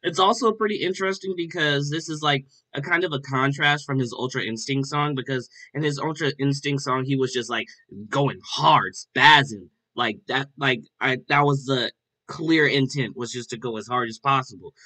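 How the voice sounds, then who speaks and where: A man hosts a casual music reaction in a bright, forward voice. He talks in an upbeat, loose way and keeps tossing in "like" and "all right?" between thoughts. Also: mid-range voice, normal speed. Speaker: host.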